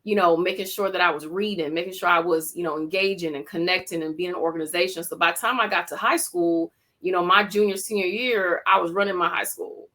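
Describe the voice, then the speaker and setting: A woman's voice: lowish voice, a little fast, hardly any pauses, bright, forceful tone. A woman with a Jamaican accent, a teacher telling her story as a podcast guest, reflective with frequent restarts. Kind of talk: podcast interview.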